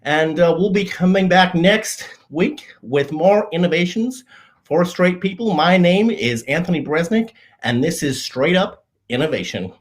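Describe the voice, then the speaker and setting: A man hosting a comedy show, explaining obvious everyday things in a mock-earnest, deadpan way, often stopping and restarting his sentences. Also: high-pitched. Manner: halting, frequent restarts and self-corrections. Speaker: show host.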